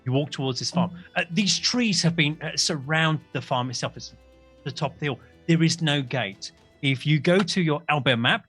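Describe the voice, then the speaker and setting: A man's voice: medium pitch, a bit bright, slightly rough. A man narrating a tabletop game as game master, rambling and correcting himself as he goes. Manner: rambling, self-correcting, jokey.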